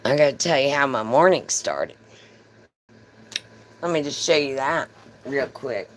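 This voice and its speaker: A woman with a strikingly deep, low voice tells a story casually on a livestream. She talks slowly and unhurriedly, swearing freely and breaking into laughter often. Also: lively intonation, slight background noise, rough recording. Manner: chatty, profane, laughing often.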